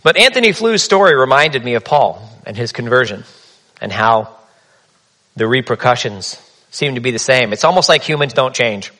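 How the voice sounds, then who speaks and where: A man's voice: medium pitch, expressive, normal speed, bright, forceful tone. A man preaching a sermon in a conversational, humorous storytelling manner. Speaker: pastor.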